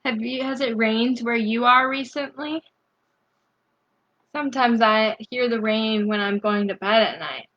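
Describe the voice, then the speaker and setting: A woman reading a picture book aloud as a bedtime story, gently asking young listeners questions between the pages. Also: on the high side, a little slow, lo-fi sound. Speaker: storybook reader.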